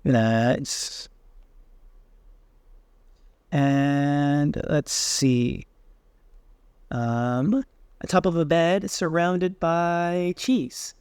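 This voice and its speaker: Relaxed man walking through software. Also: a little high, extremely slow, pauses often, clean tone, no room sound. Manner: relaxed, thinking aloud with fillers. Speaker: tech tutorial host. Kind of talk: screen-recorded software walkthrough.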